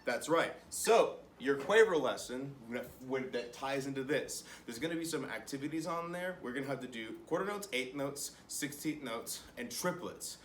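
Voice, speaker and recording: A man's voice: mid-range voice, expressive, moderate pace, hardly any pauses, far from the mic, a little hiss or hum. Encouraging male music teacher in echoey room. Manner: encouraging, counts rhythms aloud while clapping. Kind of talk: recorded online music lesson for children.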